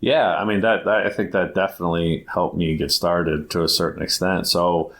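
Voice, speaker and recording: Deep-voiced man telling a rambling story. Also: steady tone, moderate pace, fairly bright tone. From Ohio, United States. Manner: rambling, lots of "like" and restarts, acts out quoted dialogue. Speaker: guest, basketball academy founder. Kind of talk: casual storytelling interview.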